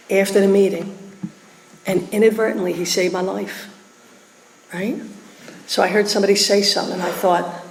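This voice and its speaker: A woman giving a lively personal testimony at a recovery meeting, acting out the voices of people in her story. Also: medium pitch, fairly quick, slight background noise. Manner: animated storytelling, acts out voices. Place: meeting hall. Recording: echoey hall recording.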